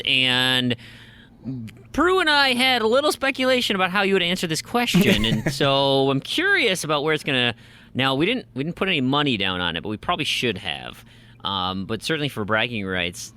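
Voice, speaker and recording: A man hosts a casual podcast, chatting and joking as he reads out listener reviews and questions. His mid-range voice is bright with a forceful tone.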